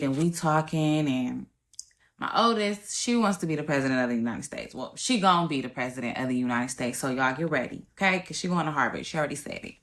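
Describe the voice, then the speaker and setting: A podcast host in her thirties tells a personal family story in loose, everyday speech. She is candid and emotional, with a lowish voice for a woman. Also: fairly bright tone. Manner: casual, colloquial, candid and emotional.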